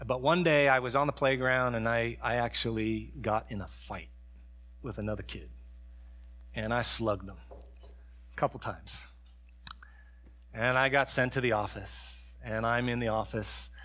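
A middle-aged male pastor preaching a sermon, dropping to soft storytelling and rising to raised, fervent preaching. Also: medium pitch, steady tone, a little slow, pauses often.

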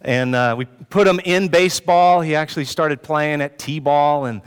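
A pastor preaches to his congregation, telling a story with self-mocking humor and joking with the listeners. His man's voice is smooth and resonant and sits a little high. The sound rings with the long reverb of a large hall. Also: measured pace. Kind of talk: sermon with personal story. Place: church hall with an audience.

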